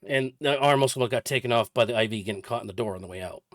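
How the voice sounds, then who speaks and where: A man's voice: medium pitch, fast talker, dry recording, studio quality. A man in his forties casually recounting a personal story for a vlog, chatty and rambling with lots of detail. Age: 40s. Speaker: vlogger.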